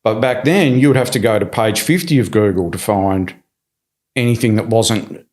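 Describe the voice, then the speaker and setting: A man with a fairly low voice tells his story as a podcast guest. He talks casually and animatedly, slipping into the voices of the people he quotes and restarting his sentences often. He is recorded in a studio. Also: normal speed, a little mellow.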